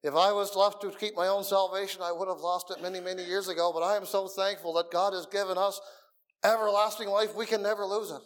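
A middle-aged man preaching a sermon in a meeting room, earnest, dropping to soft murmurs and rising again for emphasis. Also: high voice, level tone, fast talker.

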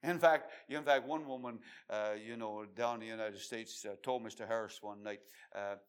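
Man preaching with loud-then-hushed swings. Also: fairly even intonation, moderate pace, hardly any pauses, smooth. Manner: swings between loud emphatic declaring and hushed low asides; repeats phrases for emphasis, stretching out scripture readings. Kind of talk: sermon.

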